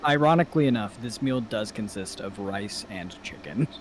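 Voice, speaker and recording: A man playing a tabletop role-playing game, describing his character's actions in a hesitant, halting way and teasing the other players. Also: on the low side, expressive, a little hiss or hum. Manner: hesitant, many fillers and restarts, then teasing. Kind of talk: casual tabletop role-play narration.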